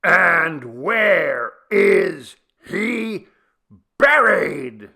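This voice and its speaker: A man voicing a loud, throaty village man who yells at the top of his voice. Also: fairly high pitch, big pitch swings, drawn-out words, gravelly, breathy edge, voice pushed up, full character voice. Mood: bellowing. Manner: bellowing, straining to be heard.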